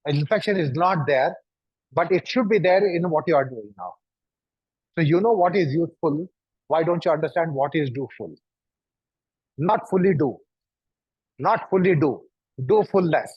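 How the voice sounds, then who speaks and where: A man leads a yoga class in a husky, somewhat raised voice, circling back to the same questions again and again. The recording is dull and lo-fi, with a close, dry sound. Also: on the high side, normal speed, long pauses, no room sound. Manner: repetitive, probing rhetorical questions. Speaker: yoga teacher. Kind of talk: instructing a class.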